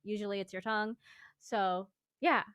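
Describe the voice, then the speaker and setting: A woman's voice: medium pitch, moderate pace, a bit bright, clear, resonant tone, no room sound, studio quality. A woman vocal coach giving a casual singing lesson, explaining exercises in a chatty, rambling way.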